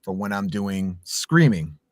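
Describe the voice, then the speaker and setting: A man, a voice actor, chatting casually and animatedly about his craft and demonstrating warm-ups, his voice a little sore. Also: lowish voice, very animated, slow, dry recording, clean studio sound. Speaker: voice actor guest. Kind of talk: casual chat explaining voice acting.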